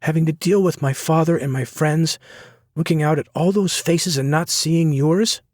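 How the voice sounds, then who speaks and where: A heartbroken young woman pours out anger and love in a raised, husky voice, her words tight and near tears, as a male narrator puts her on. The storybook delivery is dry and close. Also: mid-range voice, lively intonation, moderate pace, darkish tone, no echo, voice pushed up. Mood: bitter. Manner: impassioned, pleading, near tears. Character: young woman, hurt and furious lover. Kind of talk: audiobook character voice.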